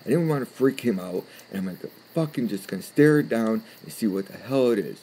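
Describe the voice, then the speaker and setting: A man's voice: fairly low pitch, expressive, fairly quick, mellow, breathy edge, poor audio. A blunt, cursing man telling a story. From California. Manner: blunt, swears constantly, repeats himself. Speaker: channel host telling a personal story. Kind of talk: casual first-person storytelling.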